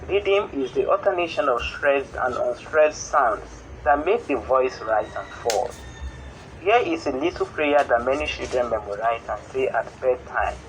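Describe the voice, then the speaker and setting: A man with a Nigerian English accent teaching a school lesson on poetry in a steady, explanatory way. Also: mid-range voice, moderate pace, slight background noise, poor audio. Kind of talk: classroom lesson on television.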